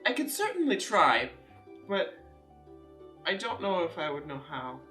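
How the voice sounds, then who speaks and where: A woman at a tabletop game, speaking gently in character. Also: on the low side, very animated, measured pace, faint music behind. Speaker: player. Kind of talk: tabletop role-play, in character.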